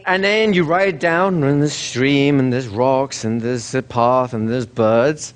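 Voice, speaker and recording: A man teaching a hypnosis workshop in a seminar room, casual and brisk, often checking with the group. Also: mid-range voice. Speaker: hypnosis trainer.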